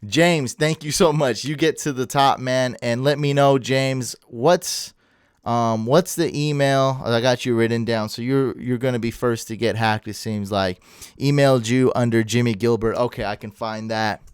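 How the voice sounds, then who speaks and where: A man's voice: medium pitch, fairly even intonation, normal speed, smooth, no room sound, clean studio sound. A tired man hosting a casual livestream, chatting loosely, thanking viewers and stumbling over their names. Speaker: livestream host. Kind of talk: casual livestream chat reading viewer comments. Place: home room.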